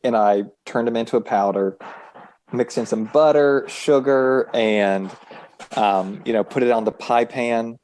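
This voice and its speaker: A man's voice: mid-range voice, unhurried, darkish tone, dry recording. A man co-hosting a podcast, chatting in an easygoing way about home life. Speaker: podcast co-host. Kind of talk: casual chat.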